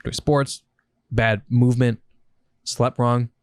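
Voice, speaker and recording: A young man co-hosting a casual podcast, swearing and telling stories in an animated way. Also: medium pitch, takes it slowly, clean tone, dry recording. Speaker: podcast co-host. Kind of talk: casual chat.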